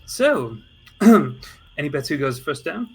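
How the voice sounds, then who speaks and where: Bright-voiced man joking at a game table. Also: a little high, sing-song, slow pace, gravelly, husky. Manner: laughing, swearing, casual banter. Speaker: player. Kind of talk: casual chat at a tabletop game.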